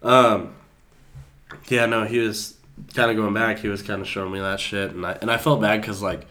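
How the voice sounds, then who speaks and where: A young man chatting casually as podcast co-host, rambling through an animated story with lots of fillers and acted-out quotes. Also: on the low side, moderate pace. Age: young adult. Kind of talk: casual chat.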